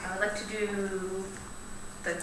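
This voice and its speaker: A woman player chatting casually in a tabletop game, animated and laughing often. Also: measured pace, crowd noise. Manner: animated, laughing, lively pitch. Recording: echoey, distant mic.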